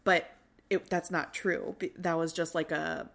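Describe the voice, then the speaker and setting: Lowish-voiced woman gossiping on a podcast, animated, cusses a lot. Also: a little slow, vocal fry. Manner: animated, swears freely, acts out quotes. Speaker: podcast co-host. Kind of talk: casual chat recapping a reality show.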